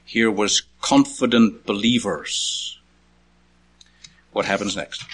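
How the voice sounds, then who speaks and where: A man delivering a sermon, moving through his points one by one. He lifts his voice sharply when calling out quoted words, then sinks low and soft for his asides. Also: slow, slightly rough. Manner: rises in pitch to call out quoted words, drops low for asides. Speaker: preacher.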